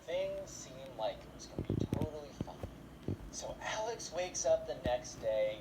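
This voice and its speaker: A man's voice: fairly high pitch, measured pace. A young man casually telling a long story, rambling with many fillers and acting out voices. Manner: rambling, filler-heavy, animated. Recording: noisy background.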